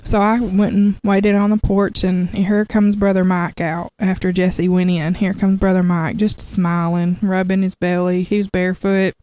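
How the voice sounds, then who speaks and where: A young adult woman telling her testimony in casual conversation, chatty and quick to laugh, often restarting her sentences. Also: fairly low pitch, little pitch movement, dark tone, no echo. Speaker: guest sharing her testimony.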